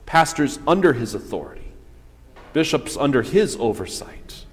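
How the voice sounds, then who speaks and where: A male pastor preaching a sermon in a measured voice, posing rhetorical questions and answering them. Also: on the high side. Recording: long church reverb.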